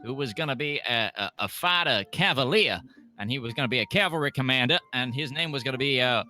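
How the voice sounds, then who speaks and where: A man's voice: mid-range voice, expressive, fast, sharp tone. A man chatting casually during a break in a live-streamed tabletop game, rambling and joking at his own expense while sorting his costume. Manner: rambling and self-mocking, talks to chat while changing costume.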